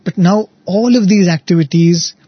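A man with a fairly high, husky voice gives a spiritual talk. He tells a devotional story and keeps checking in with his listeners with "right?" and "you know". The recording is dry and a little muffled. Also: normal speed, dry recording. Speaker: devotional speaker.

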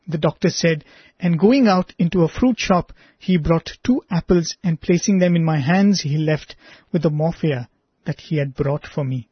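A man reading a personal testimony aloud in an earnest, measured way, then speaking reflectively to listeners as a presenter. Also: on the high side, husky, no room sound. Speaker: devotional radio presenter. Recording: dry, slightly dull lo-fi recording.

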